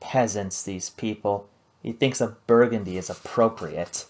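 Man playing a theatrical, excitable chef; grand, indignant, lively pitch. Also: unhurried. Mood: hushed. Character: flamboyant excitable male ship's chef, theatrical.

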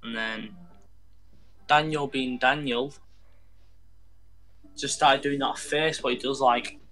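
A man's voice: medium pitch, fairly even intonation, takes it slowly, fairly bright tone. A man chatting casually while gaming, rambling through a story and acting out the voices of the people in it. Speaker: gamer.

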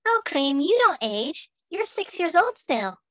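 A woman's voice: very high voice, sing-song, measured pace, sharp tone, no echo, full character voice. A woman voicing a silly, affectionate mother rabbit in a cartoon fan dub, cooing pet names. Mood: tender.

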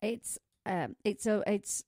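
A woman's voice: mid-range voice, animated, takes it slowly, mellow, no echo, clean studio sound. A middle-aged woman with a foreign accent, hosting a pet radio show in a chatty way and laughing often. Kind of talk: casual radio chat. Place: small studio.

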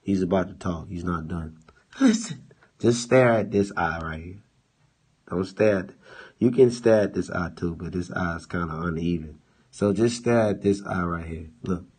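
A man's voice: sits low, darkish tone, slightly rough. A man hosting a casual livestream, mocking and profane, drawing out his words. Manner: profane, mocking, drawn-out delivery. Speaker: livestream host.

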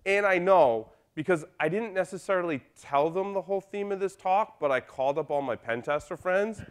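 A man speaking at a conference, telling a story to the crowd in a loose, joking way. His voice sits a little high for a man. He talks right to the people in the room. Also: brisk, smooth. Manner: casual and joking, talks to the audience. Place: conference hall.

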